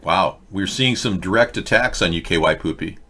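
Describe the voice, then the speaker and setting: A man hosting an online political commentary show, wry and rambling, with many halting restarts. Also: deep voice, bright, forceful tone. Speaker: host.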